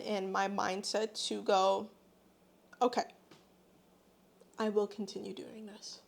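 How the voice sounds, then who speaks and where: A woman's voice: mid-range voice, a little mellow. A pregnant young woman talking earnestly and from the heart in a personal vlog, her words full of faith. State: eight months pregnant. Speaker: vlogger.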